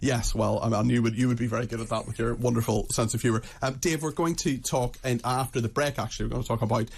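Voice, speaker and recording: Brisk radio host, fast-talking. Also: male voice, mid-range voice, fairly even intonation, creaky, slightly rough. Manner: brisk and jokey, many quick agreements. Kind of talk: live radio chat.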